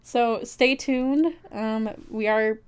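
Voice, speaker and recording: A woman's voice: fairly high pitch, drawn-out words, smooth. Rambling young woman podcast co-host. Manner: rambling storytelling, self-deprecating. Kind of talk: casual chat.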